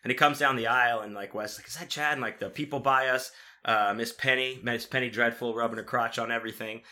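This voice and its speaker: A man's voice: mid-range voice, fairly even intonation, fast talker, sharp tone. A man telling stories in casual chat, rambling and profane, with lots of fillers and restarts.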